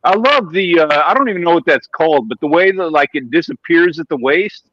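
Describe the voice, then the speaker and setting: Chatty slightly high-voiced man, lo-fi. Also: animated, a little fast, fairly bright tone, dry recording. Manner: chatty storyteller, eager, swears casually. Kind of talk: casual chat on a stream.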